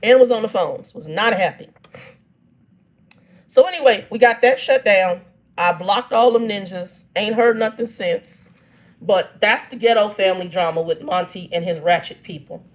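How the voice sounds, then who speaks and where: A woman's voice: mid-range voice, moderate pace. Lady in her 50s venting about family drama on her channel, blunt and fed up. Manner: exasperated, reads text messages aloud, blunt asides. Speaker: channel host. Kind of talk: casual storytelling vlog.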